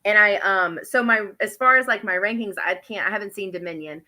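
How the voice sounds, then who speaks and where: Woman podcast host, chatty, bright tense voice. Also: mid-range voice, brisk. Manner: chatty, moderating the discussion. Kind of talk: casual podcast chat.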